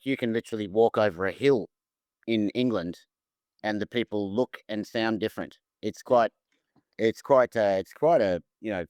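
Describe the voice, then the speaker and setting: A man's voice: on the low side, smooth, no room sound, clean studio sound. A man with an Australian accent, a musician guest in a casual interview, chatting and telling stories with frequent restarts.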